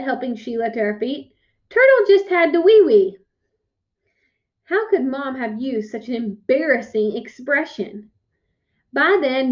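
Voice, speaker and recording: A woman reading a children's chapter book aloud to her class, clear and expressive. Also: on the high side, muffled recording. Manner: clear, expressive, with raised voices for characters' quotes. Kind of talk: read-aloud storytelling for children.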